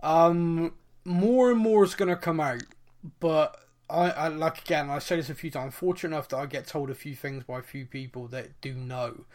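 Lively British podcast host. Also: male voice, on the high side. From England. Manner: animated, quick asides. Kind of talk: casual chat.

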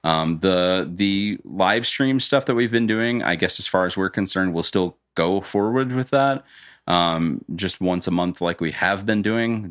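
A young man from Illinois co-hosting a podcast, talking casually and rambling with lots of fillers. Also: sits low. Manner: rambling, relaxed, filler-heavy. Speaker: podcast co-host. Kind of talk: casual chat.

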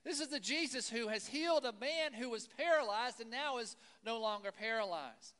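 A man preaching a sermon in a church, chatty and animated, full of rhetorical questions and asides. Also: very high-pitched, normal speed, smooth. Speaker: pastor. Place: church hall. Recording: long hall reverb.

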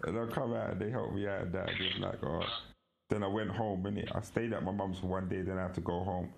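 A man talks casually on a podcast, his voice low and rough with fry. He tells stories in an animated way and laughs often. A faint noise sits under the recording. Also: quick pace. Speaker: podcast co-host. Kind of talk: casual chat.

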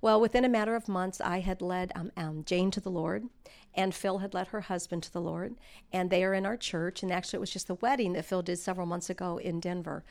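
A woman's voice: fairly low pitch, a little mellow. A middle-aged woman giving a sermon, telling personal stories in an earnest way and building to emphatic exhortation. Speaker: speaker at a church.

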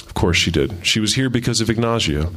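A man reads a first-person story aloud at a measured pace, with a wry touch in his delivery. His voice sits on the low side. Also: animated, a bit bright. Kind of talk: reading his fiction aloud.

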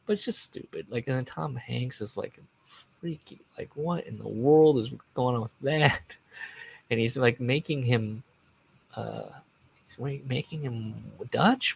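In a mid-range, slightly rough voice with vocal fry and lively intonation, a man hosts a casual solo podcast at a measured pace, pausing often. He rambles off on asides, trails off and restarts, and chuckles at what he says.

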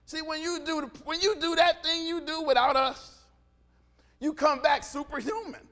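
A middle-aged man preaching a sermon, animated, swinging from quiet asides to shouts and acting out dialogue. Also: very high-pitched, moderate pace. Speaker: pastor.

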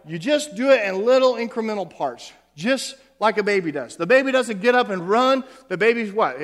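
A man, a pastor, preaching a sermon in a church in a loose, conversational way, often repeating words and adding asides. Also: high voice. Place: church sanctuary. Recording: long hall reverb.

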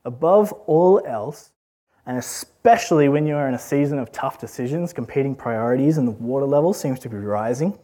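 A man's voice: medium pitch, lively intonation, brisk, warm tone. A man giving an earnest, conversational sermon full of rhetorical questions. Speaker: preacher.

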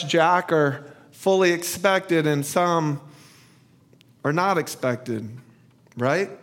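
A male pastor preaching a sermon, telling a story slowly and asking rhetorical questions. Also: high-pitched, fairly bright tone.

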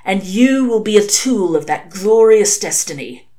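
A sinister senior male demon, cold and spiteful, who lets heavy pauses hang between his words, as a woman reading a story puts him on. The tone is low-key and threatening, a storybook villain. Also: animated, dark tone, lightly acted. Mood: menacing. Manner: menacing, drawn-out pauses.

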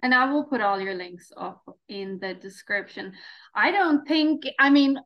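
A woman's voice: fairly high pitch, lively intonation, unhurried, muffled recording. A woman from Ireland with an Irish accent, hosting a podcast interview and summarizing points in a down-to-earth way. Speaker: podcast host.

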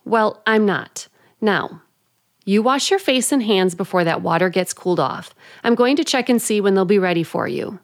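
A brisk, firm female attendant from an old radio drama, played by an actress, with a mid-range voice. She gives short, matter-of-fact orders in a reassuring tone. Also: medium pitch, lively intonation, close to an everyday voice. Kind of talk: 1940s radio acting.

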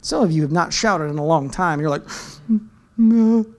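A man preaching a sermon as pastor, swinging from loud shouts to quiet asides and dropping into slang. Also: a little high, quick pace. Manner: talks in slang.

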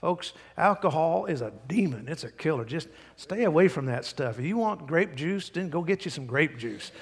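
A man preaching in a church, his voice a bit higher than most men's and trailing off into a long reverb. He preaches with folksy, emphatic force and now and then mimics people to drive a point home. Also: expressive, normal speed, creaky, slightly rough. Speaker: pastor. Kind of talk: sermon. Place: church sanctuary.

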